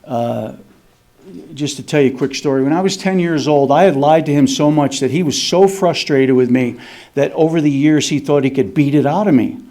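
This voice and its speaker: A middle-aged man speaking at a recovery meeting, telling a personal story in a halting way, with many restarts and slowdowns for emphasis. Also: on the high side, warm tone. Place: meeting hall.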